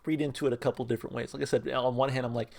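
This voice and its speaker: A man's voice: medium pitch, racing, vocal fry. A man hosting a music reaction video, talking casually with lots of fillers, hedges and restarts. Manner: self-described untrained fan, relaxed and unpolished. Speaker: music reaction channel host.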